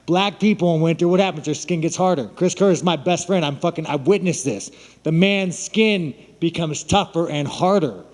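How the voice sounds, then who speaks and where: A man, a fighter at a media day, talking bluntly and mockingly to reporters and swearing constantly. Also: fairly high pitch. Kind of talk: profane, boastful press scrum talk. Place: large room at a media event. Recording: long hall reverb.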